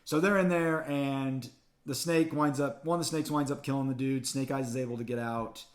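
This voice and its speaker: Man, casual movie recap, excited and chatty, mid-pitched voice, stumbles and restarts. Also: moderate pace. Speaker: movie and toy reviewer.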